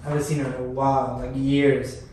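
A man's voice: medium pitch, a little fast. Young man telling crude stories. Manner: animated storytelling with crude joking. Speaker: podcast co-host. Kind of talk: casual chat. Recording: roomy echo, distant mic, crowd noise.

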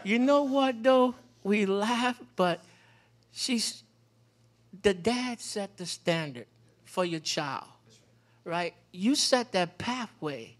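A man speaking as a panel guest, telling animated stories about fatherhood and repeating phrases for emphasis. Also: high voice, slow pace. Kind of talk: personal storytelling in a community panel.

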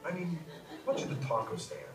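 A man playing an evasive lively customer. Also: on the high side, quick pace, far from the mic, a crowd in the background. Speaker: restaurant customer refusing to pay. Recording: video played in echoey hall.

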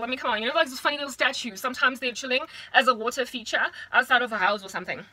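A young woman from South Africa talking to camera in a casual vlog monologue, animated and chatty with slangy asides, recorded in a small room at home. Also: fairly high pitch, fast, no room sound, low-quality recording. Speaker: vlogger.

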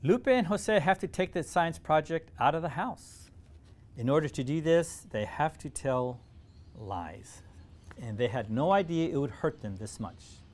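A man reading a children's storybook aloud, animated, with dramatic pauses. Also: on the high side.

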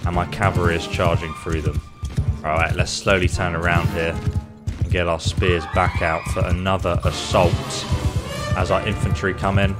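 Cheeky man, low voice, game commentary. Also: little pitch movement, moderate pace. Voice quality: playful, taunting enemies, cheeky banter. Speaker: gameplay commentator. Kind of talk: let's play commentary. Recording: faint background game music.

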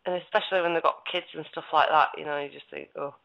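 A woman's voice: low voice, fairly even intonation, fast, vocal fry. A woman hosting a casual chat, talking loosely with lots of fillers. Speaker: host. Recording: lo-fi audio.

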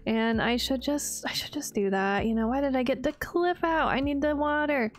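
A woman's voice: high voice, normal speed, faint music behind. A young woman chatting casually and sarcastically while playing a game, laughing often and mocking herself. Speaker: gaming video creator. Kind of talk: casual gameplay commentary.

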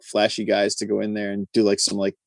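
A man, a conservationist guest on a podcast, telling stories in an animated, wry way and acting out what other people said. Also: on the low side, brisk, gravelly, no echo. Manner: animated, wry storyteller acting out quoted voices. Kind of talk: storytelling in a casual interview.

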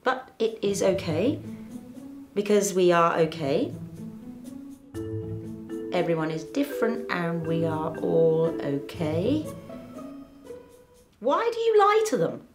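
An actress playing a blunt, tactless woman therapist who talks in a sing-song way with abrupt jumps in pitch, in a sitcom. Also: very animated, slow, pauses often, reverberant, music in the background. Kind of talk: sitcom acting.

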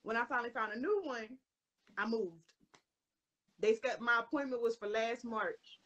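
A woman's voice: on the high side, moderate pace, a bit bright. A young woman from Baltimore with a Baltimore accent, chatting brashly and cursing freely as a guest on a livestream. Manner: brash, profane, laughing. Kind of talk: casual chat on a livestream.

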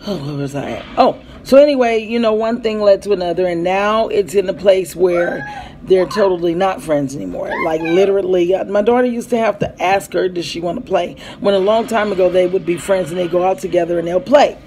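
A woman's voice: lowish voice, fairly quick, dark tone, a little hiss or hum, low-quality recording. A woman in her thirties at home, telling a rambling story in a casual vlog and acting out the dialogue. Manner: rambling, acts out quoted dialogue, breaks off to call to her kids. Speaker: mother vlogging about family life. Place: at home with children around.

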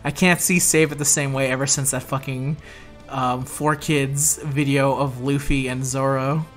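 A man's voice: medium pitch, fairly even intonation, unhurried, faint music behind. A man hosting a casual gaming commentary, reading a card game story aloud and laughing, joking and swearing as he reacts.

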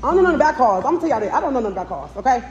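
A family vlogger talks effusively straight to her viewers in a casual vlog, racing along in a fairly high voice with big pitch swings. The recording is muffled, made in an echoey, noisy room.

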